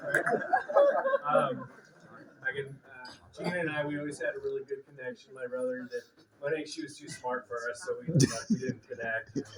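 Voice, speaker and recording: A middle-aged man speaks some way off from the microphone at a memorial gathering, and his voice rings around a roomy space. He tells a loose, joking eulogy story full of "uh"s and acted-out quotes, with people murmuring in the background. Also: mid-range voice. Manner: rambling and humorous, many fillers, acts out quotes. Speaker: eulogy speaker, cousin of the deceased. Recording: distant, roomy, with audience murmur.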